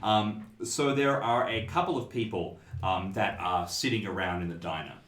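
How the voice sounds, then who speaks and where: A man with a low, bright voice narrates a tabletop horror game as game master. He describes scenes in a relaxed, rambling way full of fillers. The sound carries a roomy echo. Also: normal speed, faint music behind.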